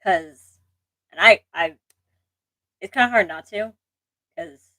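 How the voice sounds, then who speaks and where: A woman's voice: mid-range voice, slow, pauses often, pushed and bright, no echo, poor audio. A young woman hosting a casual livestream chat, rambling and self-deprecating, with restarts, laughs and an occasional allergy cough. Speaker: channel host.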